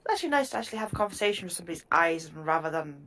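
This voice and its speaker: A woman chatting casually as a player in a tabletop game, giggly and animated. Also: on the low side, racing.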